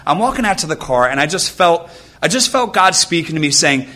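A man's voice: on the high side, lively intonation, a little fast, bright, forceful tone. A man in his thirties giving a sermon with personal stories to a church audience, talking in an earnest, conversational way and often checking in with "right?". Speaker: nurse giving a church talk. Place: church gathering with a live audience.

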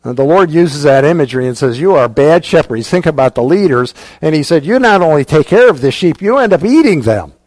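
A pastor preaching a sermon with earnest conviction, dropping soft and low when he quotes scripture and when he prays. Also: lively intonation, quick pace, hardly any pauses, no room sound.

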